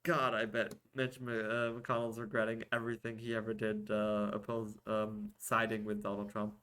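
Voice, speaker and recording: A man's voice: fairly low pitch, monotone, normal speed, a bit bright, smooth. A young man hosting a casual podcast, reading news articles aloud and breaking off for sarcastic asides.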